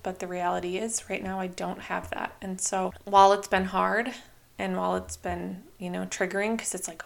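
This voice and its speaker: A young woman hosting her own podcast in a casual, chatty way, full of "like" and "you know", now and then quoting herself in lively voices. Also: medium pitch, brisk, gravelly. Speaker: podcast host. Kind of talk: casual solo podcast talk.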